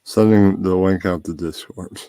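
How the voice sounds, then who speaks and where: A man with a very deep voice hosting a casual pre-stream chat, rambling and relaxed while he sets up. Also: measured pace, no echo. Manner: relaxed, rambling, talks to himself while setting up. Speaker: podcast host.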